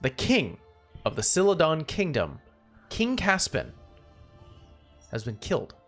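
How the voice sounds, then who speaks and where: A man narrating as game master of a tabletop game, halting with many "uh"s. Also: fairly high pitch, wildly swooping pitch, a bit bright, soft background music.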